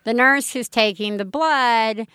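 A woman co-hosting a podcast, telling a story in casual chat, animated and quick to swear. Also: on the high side, smooth, no room sound, studio quality. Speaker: podcast co-host.

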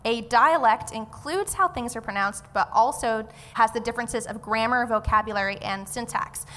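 Female co-host, bright tone, giggly, live hall reverb. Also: a little high, normal speed. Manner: giggly, laughs between lines. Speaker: guest co-host and judge. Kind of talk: live quiz show fact reading. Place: live stage.

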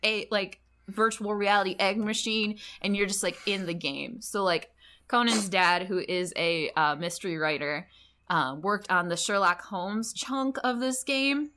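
Bright-voiced woman podcast co-host. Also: mid-range voice, unhurried. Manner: rambling, heavy on "like", laughs often. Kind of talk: casual chat.

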